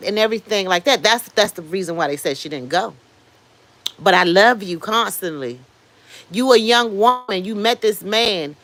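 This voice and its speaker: A woman in her fifties hosting a livestream, giving blunt, animated commentary, swearing freely and answering viewer comments. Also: medium pitch. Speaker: livestream host. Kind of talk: casual commentary.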